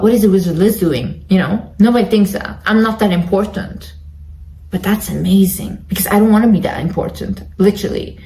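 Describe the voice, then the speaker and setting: A woman's voice: medium pitch, darkish tone, echoey room, poor audio. Emphatic woman giving a motivational talk. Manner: direct, emphatic, repeats for stress. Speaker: online self-help creator. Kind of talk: motivational monologue to camera.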